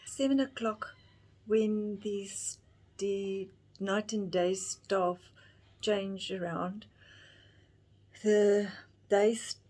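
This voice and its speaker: A woman in her fifties tells a personal story straight to camera, stopping and restarting often as emotion catches her. Her voice sits at an ordinary middle pitch for a woman. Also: fairly even intonation, a little mellow. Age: 50s. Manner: halting, emotional retelling with many restarts. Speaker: vlogger.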